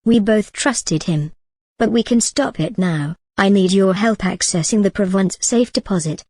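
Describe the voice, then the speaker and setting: A woman voicing a middle-aged betrayed wife who speaks steadily and softly. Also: medium pitch, unhurried, no echo, close to an everyday voice. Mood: steady. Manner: steady and soft.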